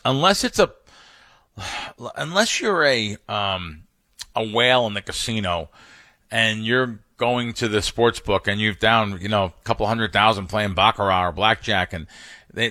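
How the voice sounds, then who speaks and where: A man with a bright, forceful voice talks through betting like a seasoned pro on a podcast. He stumbles and restarts mid-sentence, then drives his points home with emphatic stories. The recording is dry and close, with no room sound. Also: on the low side, no room sound. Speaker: professional sports bettor, guest. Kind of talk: casual podcast conversation.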